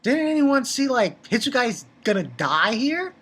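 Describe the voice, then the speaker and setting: This manga reviewer's voice is slightly rough, and he takes his time as he rambles casually about a comic chapter. Still, he gets excited, and his pitch jumps up when he's worked up.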